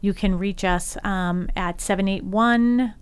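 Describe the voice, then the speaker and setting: A woman hosts a casual radio talk show with a smooth, resonant voice. Her delivery is chatty and upbeat. She often pauses on an "um" before going on. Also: medium pitch, fairly even intonation. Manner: chatty, upbeat, frequent ums.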